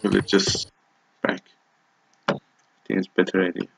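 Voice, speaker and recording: A man's voice: deep voice, monotone, measured pace, creaky, fairly bright tone, breathy edge, no room sound. A man casually commenting on his gameplay, swearing a lot and exclaiming in loose, non-native English grammar. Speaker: gameplay walkthrough host.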